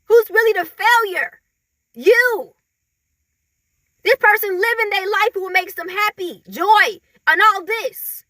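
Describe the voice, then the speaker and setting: High, bright-voiced woman ranting with laughs. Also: slow pace, dry recording. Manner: animated, laughing, acts out others in mocking voices. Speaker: vlogger. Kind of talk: casual monologue to camera.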